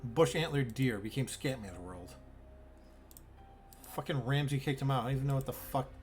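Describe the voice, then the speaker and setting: A man's voice: mid-range voice, moderate pace, a little hiss or hum. A man streaming a zoo-building game, musing aloud in a bemused, rambling way and swearing freely. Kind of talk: casual gameplay commentary.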